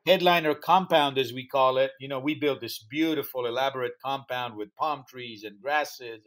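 In an interview, a music festival founder tells a story with animation, acting out quoted lines in slightly non-native English. His voice is mid-range.

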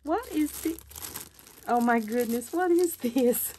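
A woman's voice: fairly high pitch, slow pace, darkish tone, slight background noise. A woman hosting her craft channel, chatting casually as she unboxes mail, gushing with thanks and delighted exclamations.

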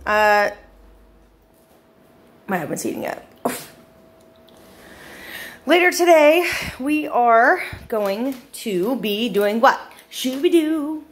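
A woman's voice: on the high side, slight background noise. A young woman chatting and giggling in her home kitchen while she bakes for a vlog. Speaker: vlogger. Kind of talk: casual chat while baking.

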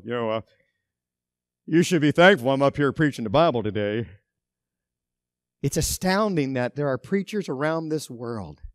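A man pastor preaching a sermon, emphatic, with loud stresses and quiet asides. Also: fairly high pitch, dry recording, clean studio sound.

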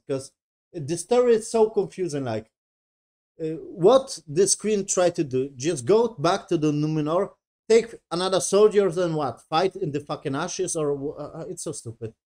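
A man's voice: on the high side, warm tone. Swearing, sarcastic man ranting. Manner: sarcastic, swears constantly, mocks characters in whiny voices; non-native English phrasing. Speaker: show reviewer. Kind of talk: casual profane review rant.

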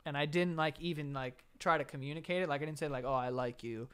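A young man, co-hosting a podcast and telling stories in an animated way, acting out quotes and laughing often. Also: a little high, quick pace, clean tone. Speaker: podcast co-host. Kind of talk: casual chat.

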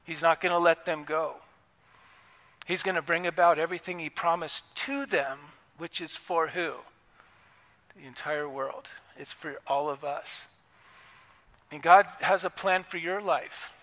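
Pastor guy preaching, high bright voice, casual and fired up, long echo in the church. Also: fairly even intonation, unhurried, pauses often. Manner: impassioned, conversational preaching with acted quotes. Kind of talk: sermon. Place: church sanctuary.

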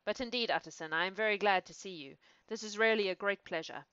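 A woman's voice: mid-range voice, quick pace, pushed and bright, clear, resonant tone, dry recording, close to an everyday voice. A woman voicing a despondent male doctor in a storybook reading, who speaks drearily with sighs. The close, dry recording is a little dull. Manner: dreary, sighing.

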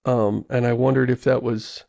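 A man hosting a podcast in casual, chatty talk with quick asides. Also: medium pitch, little pitch movement, vocal fry, dark tone, no room sound. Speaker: podcast host.

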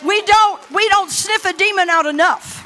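A middle-aged woman pastor preaching a sermon boldly, rising to shouts between laughing asides. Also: extremely high pitch, moderate pace, some chatter behind.

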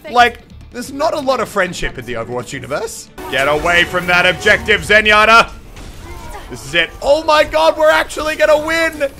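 A young man calls out his game in excitable, swearing commentary, now and then shouting at the screen. His voice sits high and swings widely. Faint game music plays under him. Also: moderate pace. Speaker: gaming channel host. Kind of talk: live gameplay commentary.

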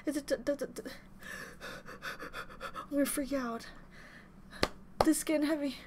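A woman hosting a live reaction video, very expressive and excitable, gasping and squealing as she talks. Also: sits high, normal speed, slight background noise. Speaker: reaction channel host. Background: loud music playing.

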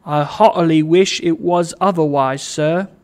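A man's voice: a little high, measured pace, a little mellow, natural voice. A man voicing a meek, anxious poor old man in a storybook reading, talking hesitantly and apologetically. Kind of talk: audiobook reading.

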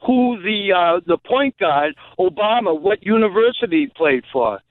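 A male caller rambles through one anecdote after another, hopping topics. His voice is quite high for a man. It comes through a tinny, narrow phone line with a dry sound. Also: expressive, moderate pace, no room sound. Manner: rambling, jumps between anecdotes. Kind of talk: phone-in storytelling.

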